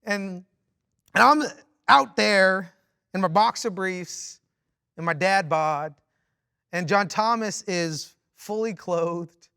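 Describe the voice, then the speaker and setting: A man preaching a sermon through a personal story, animated and full of restarts, moving from loud exclaiming to quiet reflection. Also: high voice, slow pace, gravelly, pauses often, smooth, dry recording, studio quality. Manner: animated, with frequent restarts and repeated words. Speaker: pastor.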